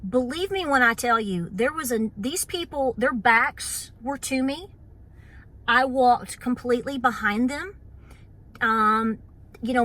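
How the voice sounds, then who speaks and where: A woman's voice: on the high side, pushed and bright. A woman with an Appalachian accent, hosting her homestead channel and chatting casually to camera, full of fillers and playful mock voices.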